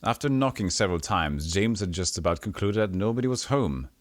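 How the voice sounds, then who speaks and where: Deep-voiced, animated retro RPG streamer. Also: male voice, fairly quick, no room sound. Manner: animated, reads with stumbles and self-corrections. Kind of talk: casual gameplay talk and reading game text aloud. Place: home streaming setup.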